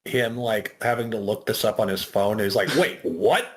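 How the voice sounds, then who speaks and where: A man with a lowish voice co-hosts a casual podcast. He chimes in with relaxed, easygoing remarks in a conversational tone. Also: normal speed. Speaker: podcast co-host.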